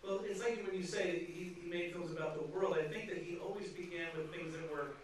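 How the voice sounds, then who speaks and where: A man's voice: high-pitched, fairly quick, slight background noise. A man moderating an onstage film discussion, speaking analytically with hesitant restarts. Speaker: moderator of a screening Q&A. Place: large theatre hall. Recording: echoey theatre from far off.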